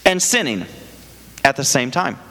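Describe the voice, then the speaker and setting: A man's voice: mid-range voice, very animated, a little slow, pushed and bright. A man preaching a sermon in a church, talking conversationally and firing rhetorical questions at the congregation. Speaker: pastor. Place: church sanctuary. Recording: echoey hall reverb.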